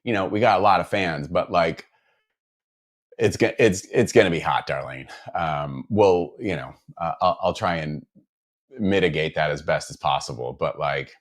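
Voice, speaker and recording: A very low-voiced man from the Midwest, talking casually to viewers on a live stream. He rambles, starts sentences over and fills pauses with ums as he reads out and answers their comments. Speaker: guitar builder streaming to viewers.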